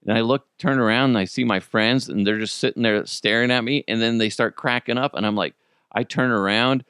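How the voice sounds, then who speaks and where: A man's voice: medium pitch, brisk, fairly bright tone, clean tone, no echo, clean studio sound. A man hosting a podcast, telling stories in a casual, profane way and laughing often. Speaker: podcast host. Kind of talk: casual storytelling.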